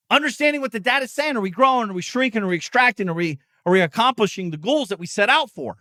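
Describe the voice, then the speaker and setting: A middle-aged man hosting a podcast, delivering an intense, profane motivational monologue, often yelling. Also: high voice, animated, fast talker, few pauses, no room sound, clean studio sound. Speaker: podcast host.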